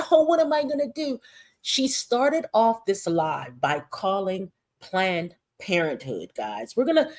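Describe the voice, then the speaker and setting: A woman hosting casual livestream commentary, talking in a profane, mocking way. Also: on the low side.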